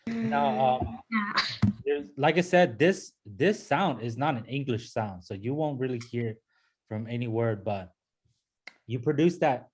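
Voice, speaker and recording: A man's voice: mid-range voice, expressive, a little slow, darkish tone, slightly rough. A man teaching a pronunciation lesson to a class. He patiently repeats sounds and keeps checking in with "okay?" and "right?". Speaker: language teacher.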